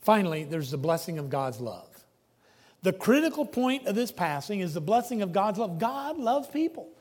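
A man preaching a sermon, emphatic, swinging between loud declarations and hushed asides. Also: sits high, animated, normal speed. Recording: long reverb of a large hall.

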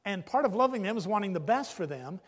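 A man preaching a sermon, earnest, pausing often and dropping low on key phrases. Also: lively intonation, big-room sound.

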